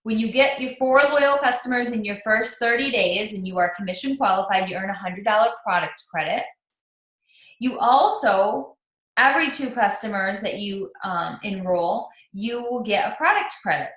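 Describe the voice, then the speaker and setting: A woman's voice: mid-range voice, moderate pace, a bit bright, reverberant. A woman leading a live online training for new team members, talking in a chatty, upbeat way with lots of ums and restarts.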